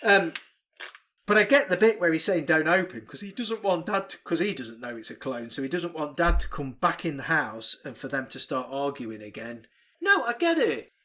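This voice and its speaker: A man co-hosting a casual film podcast, recapping the plot in an animated, sweary way and putting on quick mock voices. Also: fairly high pitch. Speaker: podcast co-host. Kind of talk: casual film review chat.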